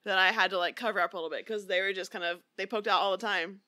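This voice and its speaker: Young female co-host, giggly and frank, bright voice, dry room. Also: medium pitch, steady tone, rapid-fire, no echo. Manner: giggly, candid, laughs often. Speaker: podcast co-host. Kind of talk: casual chat.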